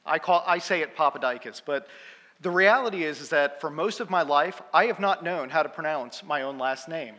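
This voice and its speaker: A man in his fifties preaching with a bright, forceful voice that sits a little high. He tells stories in a chatty, self-deprecating way and laughs at his own jokes. The sound carries the long reverb of a church hall. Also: moderate pace. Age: 50s. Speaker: guest preacher. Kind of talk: humorous storytelling sermon.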